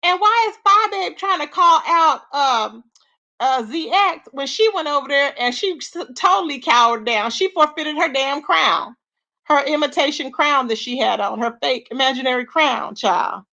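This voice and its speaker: A woman hosting a livestream, chatting casually with viewers, gossipy and animated, thanking them by name and laughing often. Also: sits high, normal speed, creaky, highs cut off. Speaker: livestream host.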